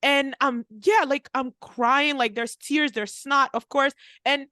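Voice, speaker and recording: A young woman who is a pharmacist and podcast co-host speaks slowly in a high voice on a dry recording. Telling a story casually and animatedly, she keeps saying "like" and acts out what people said.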